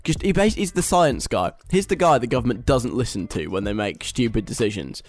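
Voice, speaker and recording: A man's voice: medium pitch, expressive, fairly quick. A young British man hosting a radio show, reading a list aloud and mocking it in a chatty, wry way. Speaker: radio host. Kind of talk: casual radio talk.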